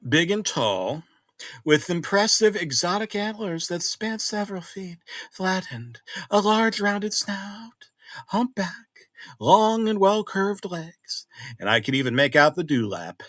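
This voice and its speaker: Middle-aged man, horror storyteller, animated pitch, dry close sound. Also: takes it slowly, no room sound. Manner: conversational, dramatic swings between loud and hushed. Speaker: narrator.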